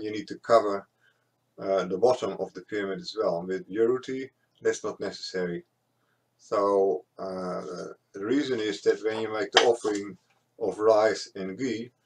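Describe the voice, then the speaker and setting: Lower-voiced man explaining a ritual. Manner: plain, explanatory, with frequent uh pauses. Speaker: instructor. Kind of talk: practical demonstration.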